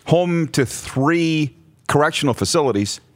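A man's voice: a little high, lively intonation, a little slow, dry recording. A man hosting a casual radio show, laughing often as he jokes and reads out listener messages. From Saskatchewan, Canada. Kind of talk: casual sports radio banter. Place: radio studio.

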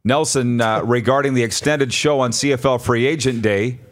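A man's voice: mid-range voice, moderate pace. A man hosting a sports radio talk show, reading listener comments and chatting with co-hosts. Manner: chatty, rhetorical, animated. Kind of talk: casual sports radio chat.

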